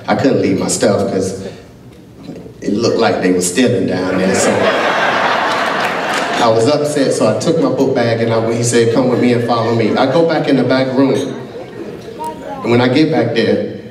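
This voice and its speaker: A man stands at a gala keynote, spinning animated stories and acting out every exchange in a mid-pitched voice. His speech reaches the mic from a distance. It rings around a large, echoey banquet hall. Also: moderate pace. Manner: animated storyteller who acts out quoted dialogue. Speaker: college basketball head coach giving a keynote.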